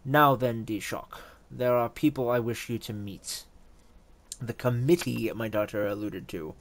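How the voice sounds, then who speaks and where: A man's voice: medium pitch, unhurried, close to an everyday voice. A man playing a cold, stern wealthy older father who speaks in a formal, clipped, commanding way. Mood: icy.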